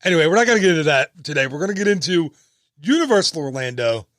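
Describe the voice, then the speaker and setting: A man's voice: fairly high pitch, big pitch swings, fast, a bit bright, dry recording, clean studio sound. A man in his thirties hosting a casual travel podcast, upbeat and chatty with joking asides. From United States. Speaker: podcast host and travel agent.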